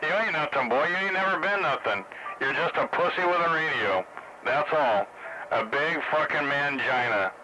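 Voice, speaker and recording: A man's voice: fairly high pitch, expressive, normal speed. A man trading crude insults with another operator in CB radio banter, swearing heavily. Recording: noisy CB radio.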